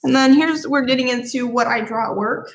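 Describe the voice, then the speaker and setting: A young woman with a slight Southern lilt chats on a live stream, her voice sitting a little high. She rambles, giggles and loses her train of thought. A faint background hum sits under her voice. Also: a little fast. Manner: rambling, giggly, easily sidetracked. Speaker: livestreamer. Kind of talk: casual live stream chat.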